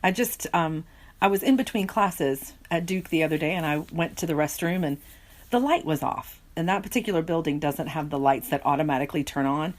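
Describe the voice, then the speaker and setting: A woman linguistics professor and podcast guest, telling animated stories and laughing easily. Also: sits low, a little fast. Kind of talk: podcast conversation.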